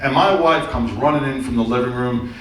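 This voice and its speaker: A man's voice: mid-range voice, a little fast, a bit bright. Middle-aged man doing stand-up in an echoey theater. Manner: loose, rambling storytelling with crude punchlines. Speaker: stand-up comedian and hypnotist. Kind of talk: stand-up comedy routine. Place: theater stage before a live audience. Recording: very echoey, distant room sound with faint noise.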